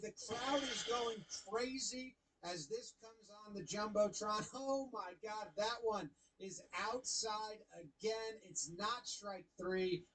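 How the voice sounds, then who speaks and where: A young man casually commentating baseball highlights, animated and playfully mocking the umpire. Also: husky, poor audio.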